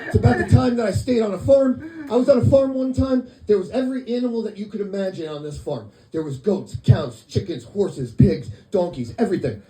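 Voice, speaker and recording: A man tells stand-up stories in a deadpan way, his voice high and swinging widely in pitch. His tone is mellow rather than bright. The sound is roomy, as in a club. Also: brisk, hardly any pauses. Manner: deadpan storytelling with quoted voices. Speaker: stand-up comedian. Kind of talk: stand-up set. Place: comedy club.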